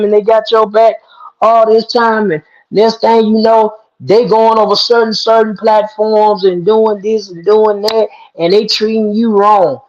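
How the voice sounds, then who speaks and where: High-voiced, slow, folksy male host. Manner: folksy, preachy, emphatic. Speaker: talk show host. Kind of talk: storytelling and moral preaching. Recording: dull lo-fi sound.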